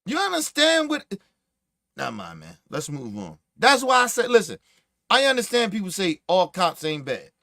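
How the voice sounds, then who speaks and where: A man hosting a podcast, telling stories in casual, profane, animated commentary and acting out what others said. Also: high voice, normal speed, gravelly, dry recording, clean studio sound. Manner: profane, animated storytelling with acted-out quotes. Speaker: podcast host.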